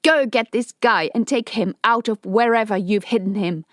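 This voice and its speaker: A calm, commanding guard as a woman narrator reads him snaps out clipped orders in her own plain voice. The recording is dry and close, with no room sound. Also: medium pitch, moderate pace, no room sound, voice pushed up, lightly acted.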